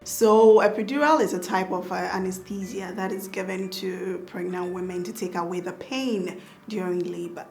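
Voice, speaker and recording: A woman's voice: lowish voice, fairly even intonation, normal speed, darkish tone, faint music behind. A woman with a Ghanaian accent, a doctor and mother, tells her birth story in a casual interview, acting out her own past words with laughter.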